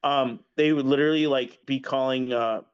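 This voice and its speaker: A man's voice: mid-range voice, steady tone, normal speed, clear, resonant tone. A man telling a story as a podcast guest in casual conversation, rambling, restarting sentences and filling gaps with fillers. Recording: dull lo-fi audio.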